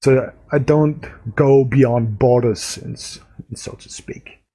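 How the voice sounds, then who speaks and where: Danish man, husky voice, hesitant podcast host. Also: mid-range voice, slow, warm tone. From Denmark. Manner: hesitant, searching for words. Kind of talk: casual interview chat.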